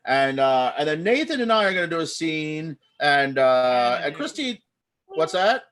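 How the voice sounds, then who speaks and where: High-voiced chatty improv host. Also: male voice, big pitch swings, a little slow, fairly bright tone. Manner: chatty, rambling, upbeat. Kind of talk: zoom improv show hosting. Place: home via video call. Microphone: video call.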